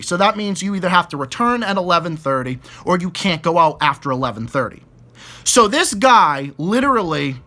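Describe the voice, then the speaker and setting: A young man with a high-sitting, bright, forceful voice rants about annoying people at work. Exasperated, he swears heavily and stumbles over repeated words in a profane, casual rant.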